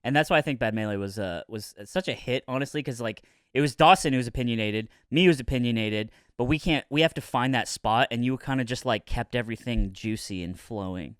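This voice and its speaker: A man's voice: mid-range voice, fairly quick, few pauses, clean tone, no room sound, studio quality. A man hosting a podcast, telling stories in a laid-back way with crude jokes. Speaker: podcast host. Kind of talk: casual chat.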